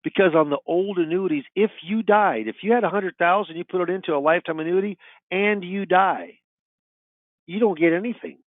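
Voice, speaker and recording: A man's voice: high voice, a little fast, dry recording. A middle-aged man talks through sales tactics in a folksy, anecdotal way, leaning on the same stock phrases again and again. His voice comes through thin and tinny, like a phone line. There is no room sound around it. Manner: folksy storyteller, repeats "you know what". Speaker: sales coach. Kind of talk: webinar talk with client anecdotes.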